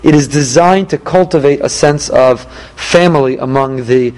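A man, a rabbi, giving an emphatic Torah class with rhetorical questions and animated delivery. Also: mid-range voice, normal speed, rough recording.

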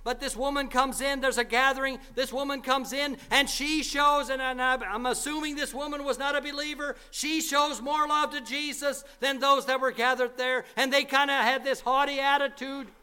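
A man preaching an earnest sermon, repeating key lines for emphasis and slowing down when quoting scripture. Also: very high voice, steady tone, pushed and bright.

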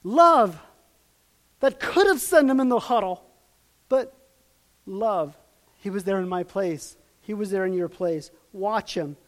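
A man delivers a sermon in a high voice. He swings from loud, emphatic peaks to hushed, quiet passages. He acts out quoted lines and puts questions to his listeners. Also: animated, slow, long pauses. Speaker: preacher.

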